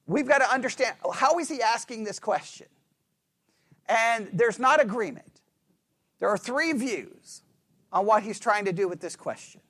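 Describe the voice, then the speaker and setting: A man with a very high voice leads a Bible study in a relaxed, conversational way. He throws questions at his class and acts out the lines he quotes. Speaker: Bible teacher.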